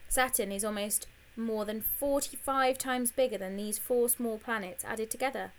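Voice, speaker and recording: A smug, bossy schoolgirl, put on by a woman reading a storybook, showing off her facts with a lively, teasing lilt. She talks down to her friend as if giving a lesson, her voice pitched up above the narration. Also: normal speed, natural voice. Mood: lecturing. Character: bossy know-it-all schoolgirl, smug show-off. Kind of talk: audiobook character reading.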